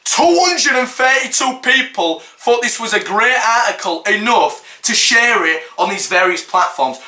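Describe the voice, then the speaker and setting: A man's voice: very high-pitched, sing-song, unhurried, few pauses, sharp tone. A young man with a Hull, East Yorkshire accent giving a sarcastic, exasperated reaction commentary, swearing often and mocking what he reads. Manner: exasperated, sarcastic, swears a lot, mocks with put-on quotes. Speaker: vlogger. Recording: echoey room.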